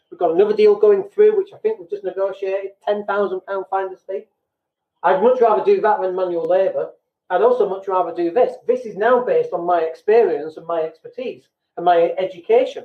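On his casual business podcast, a British host with a fairly high voice speaks bluntly, jokes at his own expense, and performs the voices of people he quotes. The audio is thin and tinny like a phone line, with noticeable room echo.

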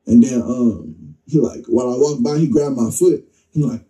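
Man, casual storyteller, slangy, acts out dialogue, dark mellow tone, mic set back. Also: medium pitch, normal speed, recorded from a distance, rough recording. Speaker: interview guest telling his story.

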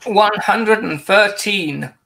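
A man's voice: high-pitched, takes it slowly, gravelly, background noise. A man hosting a live writing stream in casual, teasing chat with his guests. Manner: playful, teasing. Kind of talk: casual chat among writers.

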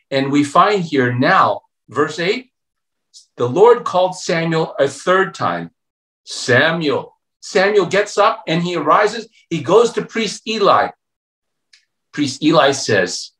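A pastor preaching a youth revival sermon, telling a story and acting out its voices, playful and joking. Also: male voice, mid-range voice. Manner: storytelling preacher, acts out voices and swings between hushed and loud; playful, calls himself a joker. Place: church sanctuary. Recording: echoey church room.

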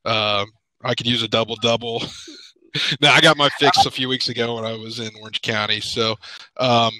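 A man in a podcast video call, talking haltingly with many pauses and fillers, choked up with emotion. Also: medium pitch, fairly even intonation, pushed and bright, dry recording, poor audio. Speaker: podcast panelist. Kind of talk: emotional casual chat. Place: home.

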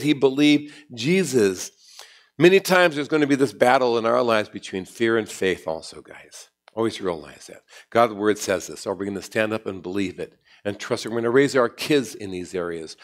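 Animated preaching man. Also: moderate pace. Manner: animated preaching with sudden jumps in pitch and volume. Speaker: pastor. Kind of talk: sermon. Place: church.

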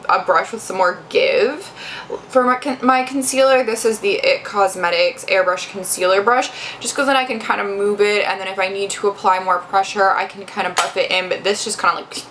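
A woman's voice: mid-range voice, fairly bright tone, a little hiss or hum, rough recording. A young adult woman giving a casual makeup review, chatty and rambling with lots of fillers and restarts. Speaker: beauty vlogger.

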